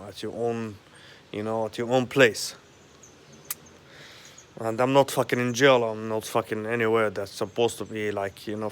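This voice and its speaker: A man in a rambling monologue at home, agitated and profane, halting often with fillers. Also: medium pitch, clean tone. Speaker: vlogger. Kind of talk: rambling direct-to-camera monologue. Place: at home, indoors.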